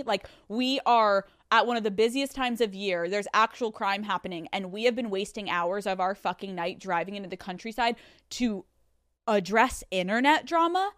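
A woman hosting a solo podcast in a studio, telling a story in an animated, profane way. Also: on the high side, moderate pace, dry recording. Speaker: podcast host.

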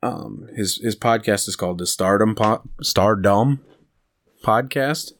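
A man's voice: on the low side, measured pace. A man co-hosting a podcast in casual chat, rambling through stories and laughing at his own jokes. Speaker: podcast co-host.

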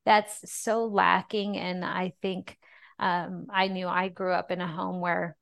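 A woman's voice: lowish voice, flat delivery, vocal fry. A middle-aged woman, a podcast guest, telling her faith story in an earnest, emotional way. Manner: earnest and emotional, often slowing down and softening. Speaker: podcast guest, ministry founder. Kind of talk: personal testimony in a podcast interview.

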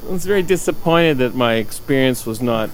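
A man's voice: lively intonation, fairly quick, soft background music. A man casually telling a personal story in a candid, profane, wry way, acting out the people in it. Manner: acts out quoted dialogue with raised pitch. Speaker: storyteller recounting a personal accident.

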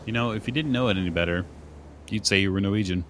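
A man running a tabletop horror game as game master, narrating events calmly and calling for dice rolls. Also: lowish voice, fast, a little hiss or hum.

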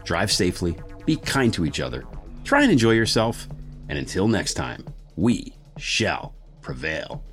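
Host: man, low voice with lively swings, affirming, reads credits and outro, faint music under. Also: unhurried. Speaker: podcast host. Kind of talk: interview and show outro.

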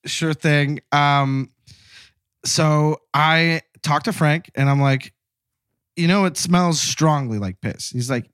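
A man in his thirties, a caller, telling a workplace story in a casual, animated way, acting out his coworkers' lines. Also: a little high, slow pace, clear, resonant tone, no room sound, studio quality. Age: 30s.

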